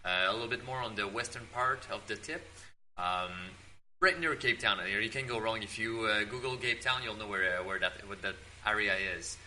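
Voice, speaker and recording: A man hosting his own vlog, tasting wine at home in his apartment and talking in a relaxed, rambling way with many fillers. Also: on the low side, moderate pace, slight background noise, low-quality recording. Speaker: host of a drink-tasting channel.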